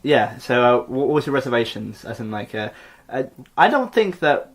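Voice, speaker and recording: A man's voice: big pitch swings, moderate pace. A young man hosting a comedy podcast, bantering and laughing as he chats with his co-host. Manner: bantering, bursts into high-pitched laughs. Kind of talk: joking casual chat.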